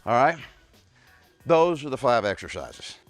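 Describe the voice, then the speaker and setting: A man's voice: medium pitch, unhurried, dry recording, soft background music. A man coaching a home workout, talking straight to his viewers and sometimes out of breath. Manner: energetic, talks straight to viewers as "guys". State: out of breath at times. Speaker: fitness coach.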